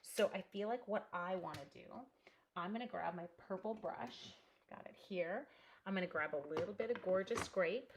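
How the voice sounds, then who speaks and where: A woman's voice: medium pitch, normal speed, a little hiss or hum. A chatty woman hosting a live crafting tutorial from a home craft room, thinking aloud and greeting viewers by name as she works. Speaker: crafting demonstrator.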